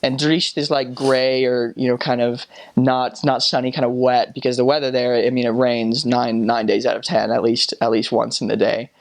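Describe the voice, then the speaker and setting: An American man recalls his years abroad in a relaxed, storytelling way. He stops and restarts often, filling gaps with ums and you-knows, at an ordinary middle pitch. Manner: halting, with many restarts and fillers. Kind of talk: casual storytelling.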